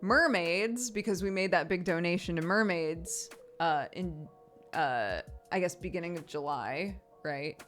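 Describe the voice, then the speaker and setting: A woman streaming, chatting casually, laughing often and getting animated when she retells stories. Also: lowish voice, measured pace, faint music behind. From United States. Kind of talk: casual livestream chat.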